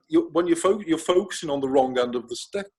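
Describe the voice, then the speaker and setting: A man from Germany, a spiritual author, talking in a relaxed interview with frequent restarts and hesitant fillers. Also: fairly high pitch, quick pace. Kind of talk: casual interview conversation.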